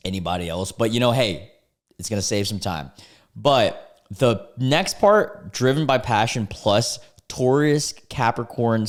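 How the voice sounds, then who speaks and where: A man in his twenties from the United States reads dating app posts out loud and reacts casually with amusement. He laughs a lot and often trails off mid-thought, speaking at a medium pitch.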